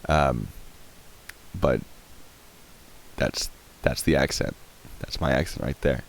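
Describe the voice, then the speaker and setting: A man's voice: very deep voice, slow, creaky. A man in his thirties hosting a live stream, chatting casually and rambling while answering chat questions.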